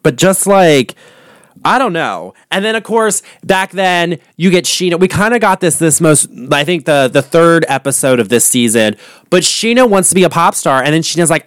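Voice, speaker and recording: A man's voice: a little high, expressive, moderate pace, a bit bright, clear, resonant tone, no echo, clean studio sound. A man hosting a solo podcast, chatting casually and gossiping animatedly about reality television, swearing freely. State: voice going hoarse. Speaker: podcast host. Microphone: studio podcast mic.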